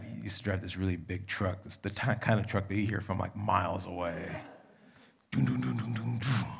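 A young adult male pastor preaching a sermon in a conversational, storytelling manner, with a gravelly voice. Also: low voice.

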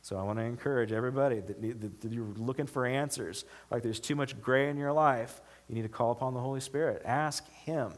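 Animated conversational male pastor preaching. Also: mid-range voice, brisk, hardly any pauses. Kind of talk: sermon.

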